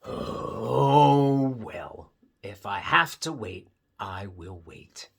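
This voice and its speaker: A man voicing an anxious, impatient male elephant in a read-aloud storybook, asking slow questions. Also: deep voice, sing-song, pushed and bright, breathy edge, heavily acted. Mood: fretful.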